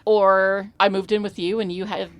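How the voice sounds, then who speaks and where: A woman co-hosting a casual movie podcast, blunt and animated, swearing freely. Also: mid-range voice, normal speed, no echo. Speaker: podcast co-host.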